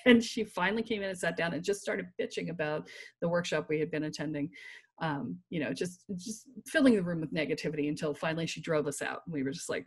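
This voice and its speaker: A woman guest on a podcast telling a personal story in an animated way, laughing and checking in with "right?". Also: lowish voice, brisk, husky. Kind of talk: storytelling in conversation.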